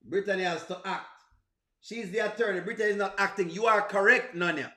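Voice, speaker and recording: A man's voice: high voice, a little fast, bright, forceful tone, echoey room. A man with a Jamaican accent chatting casually on a livestream, answering viewers, laughing often and exclaiming to himself. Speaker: livestream host.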